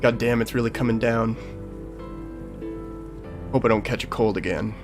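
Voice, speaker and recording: A man's voice: fairly low pitch, steady tone, normal speed, music in the background. Brief: man, casual gameplay commentary, easygoing and chuckly. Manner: laid-back, chuckling, reads dialogue aloud. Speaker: streamer. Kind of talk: casual let's-play commentary.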